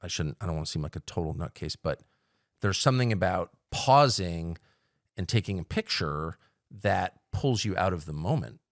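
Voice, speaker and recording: A middle-aged man talks bluntly as a podcast guest, his very low voice rough with gravel. He voices strong opinions and often restarts his sentences. The sound is close and dry, with no room echo. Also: expressive, normal speed. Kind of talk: casual chat.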